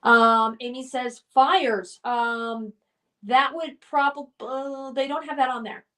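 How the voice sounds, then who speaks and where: A woman's voice: high-pitched, fairly even intonation, slow, bright, forceful tone, recorded from a distance. A woman hosting a casual live stream game, reading out viewers' comments and cheering them on. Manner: reads viewer comments aloud, cheerful and encouraging.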